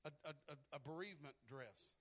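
Male preacher, high bright voice, storytelling that swells into shouted preaching. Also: animated, fast talker. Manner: repeats words when starting phrases. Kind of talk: sermon.

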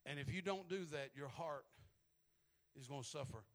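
At a moderate pace, a man preaches a sermon, telling stories in a low voice before building up to shouting. He often repeats words as he begins his phrases.

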